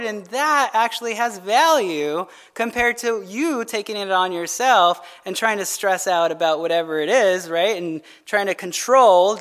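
The man's voice sits high with a fairly bright tone as he delivers a midweek sermon. Loose and chatty, the pastor asks "right?" again and again and throws in joking asides for the congregation.

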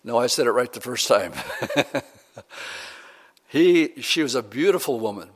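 Man, preacher, sermon, conversational scripture retelling, paraphrases quotes, fillers and self-corrections, average pitch. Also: animated, a little slow.

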